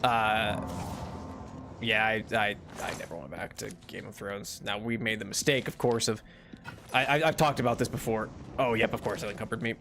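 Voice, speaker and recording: A man's voice: lowish voice, moderate pace, creaky, background noise. A man chatting casually while streaming a game, rambling with lots of fillers and restarts, laughing often and yelping at mishaps. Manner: yelps loudly at in-game mishaps. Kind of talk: casual live-stream chat. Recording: background game music.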